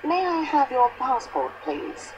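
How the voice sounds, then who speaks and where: A woman's voice: sits high, sing-song, unhurried, darkish tone, slight background noise, poor audio. An actress with a French accent playing a patient young female investigator in a mystery video game, formal and clipped.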